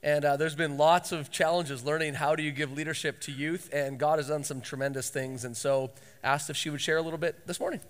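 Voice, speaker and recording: A man pastor closing a prayer and then introducing a speaker to his church, relaxed and halting with fillers. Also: on the high side. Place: church hall. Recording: church hall reverb.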